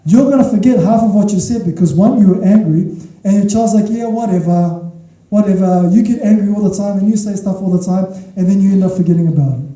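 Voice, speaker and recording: A man's voice: high voice, fast talker, dark tone. A man preaching a sermon as a pastor, emphatic, repeating his key points and checking in with the congregation. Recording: echoey hall from far off.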